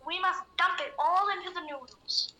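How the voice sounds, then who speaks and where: A young woman playing a boy chef who hosts a mock cooking show, giving cheerful step-by-step instructions with deadpan dark jokes. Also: extremely high pitch, moderate pace, a little hiss or hum, exaggerated voice, low-quality recording. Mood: cheery instructive. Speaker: chef in a comic cooking tutorial.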